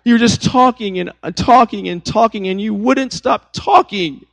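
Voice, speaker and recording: A man's voice: high-pitched, normal speed, creaky, fairly bright tone, no echo, pitched above the performer's own voice, poor audio. A man doing a whiny five-year-old girl.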